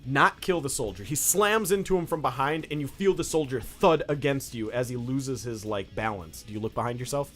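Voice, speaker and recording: A man's voice: medium pitch, brisk, hardly any pauses, fairly bright tone, soft background music. Rambling young man running a tabletop game. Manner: loose, filler-heavy describing with many "like"s. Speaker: game master. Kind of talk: casual tabletop game narration.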